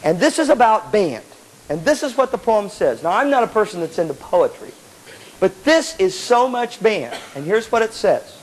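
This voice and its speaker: Animated, high-voiced man giving a seminar. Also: normal speed, low-quality recording. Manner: animated and playful, acts out the inner voice, blunt, swears. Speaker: motivational speaker to student band members. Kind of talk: live motivational seminar talk. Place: hall with a student audience. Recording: 1985 live cassette tape with faint audience and hiss.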